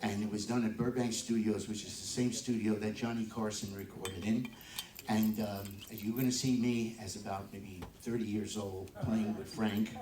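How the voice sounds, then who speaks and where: A man's voice: lowish voice, fairly even intonation, moderate pace, mellow. A man in his seventies, a bandleader and drummer, telling chatty stories to a live audience and laughing often. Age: 70s. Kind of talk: on-stage storytelling to a live audience. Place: live music venue. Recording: echoey room, distant mic.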